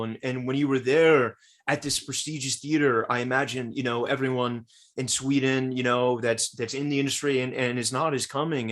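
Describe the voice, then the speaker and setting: A man at a mid pitch, hosting a casual interview. He is eager and supportive, and his questions come out with stumbling restarts and repeated words. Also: a bit bright. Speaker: podcast host.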